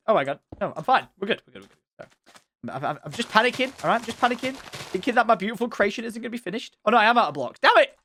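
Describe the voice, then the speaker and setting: A young man commenting on his Minecraft building session in chatty, excitable talk with frequent exclamations. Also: on the high side, a little hiss or hum. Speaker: gaming YouTuber. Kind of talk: Minecraft let's play commentary.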